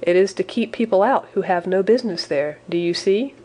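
A woman reading the lines of a smiling, menacing middle-aged country gentleman, whose manner is coaxing and falsely soothing. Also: medium pitch, a little fast, a little hiss or hum, natural voice.

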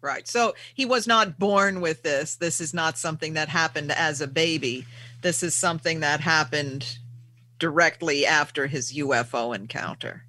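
A man's voice: on the high side, normal speed, pushed and bright, dry recording. A man hosting a talk show, summing up the guest's points and speaking to listeners. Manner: sums up and prompts the guest. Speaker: host.

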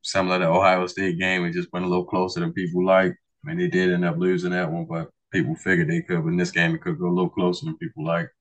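A man co-hosting a sports podcast in casual chat, measured and agreeable. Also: deep voice, fairly even intonation.

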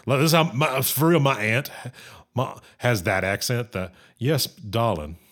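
A man's voice: mid-range voice, animated, moderate pace, fairly bright tone. A man with a Southern US accent, talking casually and rambling with lots of fillers while planning a song. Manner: rambling, filler-heavy, self-deprecating. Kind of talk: casual chat.

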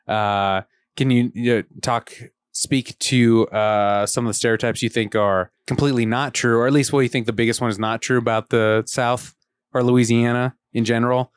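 A man's voice: medium pitch, fairly even intonation, clean tone, no room sound. A man hosting a podcast, asking curious questions in a casual interview chat. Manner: curious, quick asides and laughs. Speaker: podcast host.

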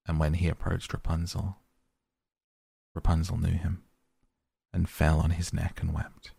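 A man narrating fairy tales in a steady, measured audiobook reading. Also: low-pitched, gravelly, breathy edge, no room sound.

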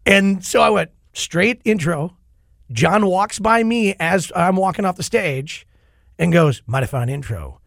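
A middle-aged man hosting a podcast, an animated storyteller who acts out quotes in casual chat. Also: high voice, takes it slowly, creaky, dry recording, clean studio sound. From Minnesota. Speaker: podcast host.

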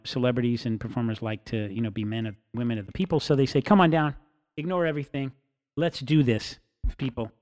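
A man talking in a casual monologue, rambling with restarts and acting out quotes in an animated way. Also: fairly high pitch.

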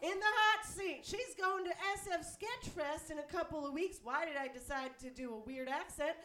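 A woman's voice: high-pitched, normal speed, sharp tone. A woman hosting a live comedy show, introducing the comedians in an upbeat, jokey way. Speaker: show host. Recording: live room with background noise.

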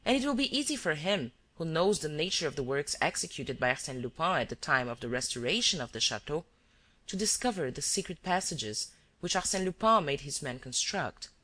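A reader doing a cool, relentless detective. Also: medium pitch. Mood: measured. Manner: calm, measured accusations.

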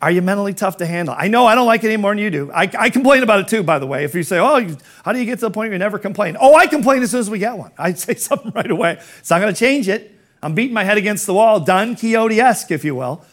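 A man's voice: sits high, lively intonation, rapid-fire, fairly bright tone. A middle-aged man giving a motivational business talk as a coach, firing rhetorical questions in an emphatic, conversational way.

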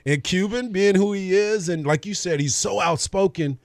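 A man co-hosting a sports radio show in casual chat, laid-back and agreeable, often answering with a quick "right.". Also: high-pitched, gravelly, no room sound, clean studio sound.

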